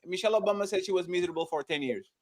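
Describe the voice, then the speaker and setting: Animated man moderating a panel. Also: high voice, rapid-fire, no echo. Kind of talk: panel discussion.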